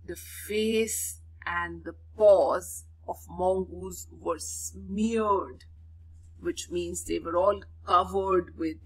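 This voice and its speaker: A teacher, reading a story to pupils and explaining words by repeating them and giving synonyms. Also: female voice, lowish voice, fairly bright tone, rough recording. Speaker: English teacher. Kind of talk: reading a school lesson aloud and explaining words.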